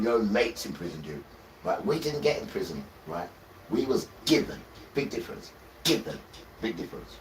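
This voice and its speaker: A man's voice: lowish voice, slight background noise. Man, livestream preacher, insistent and repetitive, heard from off-mic in a roomy space. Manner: repetitive, keeps asking "right?", swells loud when reading scripture. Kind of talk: impassioned religious livestream preaching. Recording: roomy echo, distant from the mic, faint background ambience.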